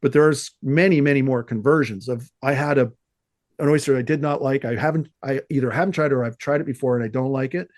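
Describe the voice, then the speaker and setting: A man from Canada telling stories in a casual podcast chat, acting out the people he quotes with animated energy. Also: mid-range voice, brisk, dry recording, studio quality. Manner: animated storyteller, acts out quoted dialogue. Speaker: podcast guest, oyster shucker.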